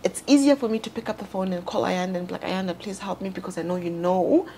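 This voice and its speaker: A South African woman co-hosting a casual panel chat, candid and laughing often, her voice jumping higher when she quotes people. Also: steady tone, quick pace, mellow, slight background noise. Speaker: co-host and founder.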